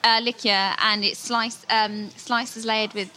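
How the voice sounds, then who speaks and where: Bright-voiced chatty young woman. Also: a little high, little pitch movement, a little slow. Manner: chatty, frequent fillers and giggles. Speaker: digital intern, guest. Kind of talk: casual podcast chat.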